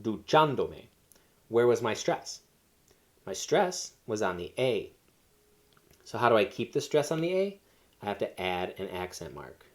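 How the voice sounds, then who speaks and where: A man's voice: lowish voice, sing-song, unhurried, long pauses. A man teaching a Spanish lesson, explaining step by step with fillers and self-corrections. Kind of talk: recorded classroom lesson.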